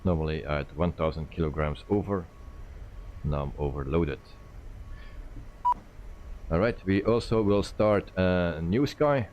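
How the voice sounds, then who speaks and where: Man, very low voice, faint background hum, casual stream talk, many fillers. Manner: relaxed, thinking aloud with many "uh" pauses. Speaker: flight sim streamer. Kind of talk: live-stream commentary.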